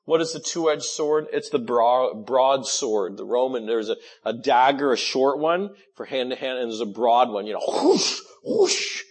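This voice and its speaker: A man's voice: medium pitch, normal speed, few pauses. A man preaching a sermon, speaking animatedly and pushing his voice up in bursts of emphasis. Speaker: pastor.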